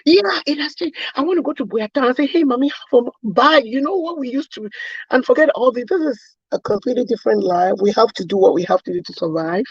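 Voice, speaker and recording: A woman's voice: on the high side, expressive, fast, slightly rough, no echo. A woman from Cameroon, a guest chatting earnestly and laughing easily on a video call. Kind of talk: casual chat on a video call. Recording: dull, lo-fi video call audio.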